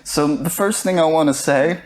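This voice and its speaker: A man co-hosting a film podcast in casual chat, with wry deadpan asides. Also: on the high side, moderate pace. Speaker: podcast co-host.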